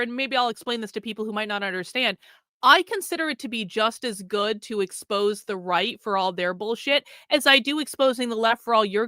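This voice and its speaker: A woman livestreamer who talks bluntly and swears freely, mocking the people she answers. Her voice is bright and sits a little high. The sound is close and dry. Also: dry recording. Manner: blunt, profane, sarcastic. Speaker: livestream host. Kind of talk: casual livestream commentary.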